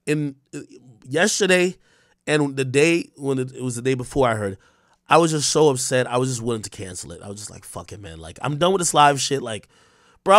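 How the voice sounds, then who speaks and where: A man's voice: fairly high pitch, dry recording, clean studio sound. A young man ranting to his livestream viewers, agitated, swearing and stumbling over restarts. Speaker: live streamer. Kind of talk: casual livestream rant.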